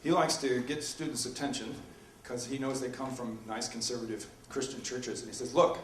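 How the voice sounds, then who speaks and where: A man gives a debate talk with many ums and uhs. He sounds distant from the mic, and his voice echoes around a roomy hall. His pitch sits in the middle, with faint noise underneath. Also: little pitch movement, moderate pace. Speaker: philosophy professor in a debate. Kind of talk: public debate presentation. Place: university lecture room. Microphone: distant from the microphone. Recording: echoey room recorded from afar.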